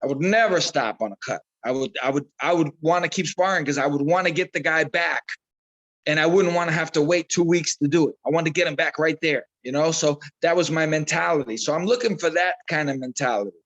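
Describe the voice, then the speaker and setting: A man, a boxing trainer, telling animated stories in a casual interview and repeating himself as he goes. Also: a little high, a little fast, muffled recording. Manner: animated storyteller, repeats himself, acts out quotes.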